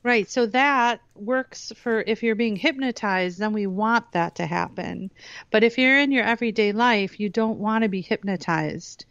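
A woman guest on a talk radio show explaining hypnosis in a lively way, acting out the voices she quotes. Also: mid-range voice, normal speed, clear, resonant tone, no room sound. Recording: dull lo-fi radio audio.

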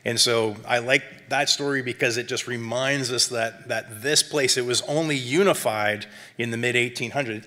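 A man presenting a wine seminar, talking in a chatty lecture style full of fillers and quick "right?" check-ins. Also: mid-range voice, sharp tone. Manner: chatty, lots of um and tag questions; self-described academic.

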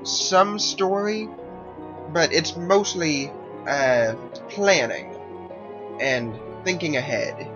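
A man's voice: fairly high pitch, extremely slow. A man hosting a let's play, giving casual, rambling commentary and correcting himself as he explains the game. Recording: lo-fi with game music behind.

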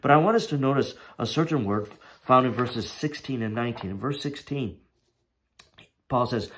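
A man's voice: medium pitch, normal speed. A man preaching a sermon as pastor, conversational and storytelling, with frequent asides and restarts.

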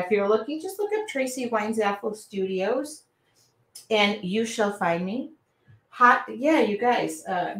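A woman's voice: a little high, fairly bright tone, roomy sound. A middle-aged woman running a live mixed-media art demo, chatty and self-deprecating, talking to viewers while she works. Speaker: art instructor. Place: home art studio.

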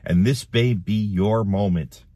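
Low, husky man, urgent pleading gospel appeal to camera, dry close sound. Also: measured pace, dark tone, dry recording. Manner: urgent, pleading, repeats himself. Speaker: online preacher.

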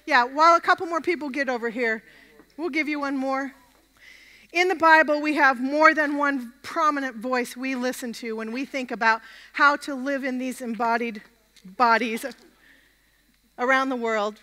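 A woman's voice: high-pitched, fairly even intonation, moderate pace, bright, forceful tone. A woman preacher giving an interactive sermon at a camp meeting, energetically leading the crowd in chants. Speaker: guest preacher. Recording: long hall reverb.

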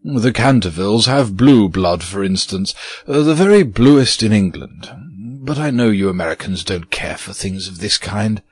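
A man's voice: on the low side, animated, slightly rough. A man voicing a weary, petulant old ghost. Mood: meek. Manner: slow, drawn-out, plaintive. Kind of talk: audiobook character reading.

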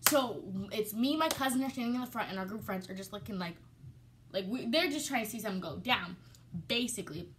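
Woman, vlogger, chatty storytelling, lots of fillers, fairly high voice, faint background noise. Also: expressive, fast talker. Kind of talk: storytime vlog.

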